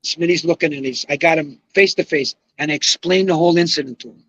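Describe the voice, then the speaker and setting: An older man telling an animated story as a podcast guest, excitable, swearing and acting out quotes. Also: a little high, fast talker, no echo, highs cut off.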